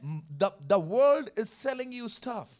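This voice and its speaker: This pastor's voice is very high with a darkish tone, and he preaches a Sunday sermon in an animated but slightly slow way. Emphatic and repetitive, he restates key phrases, calls for the congregation's response, and moves through scripture verse by verse.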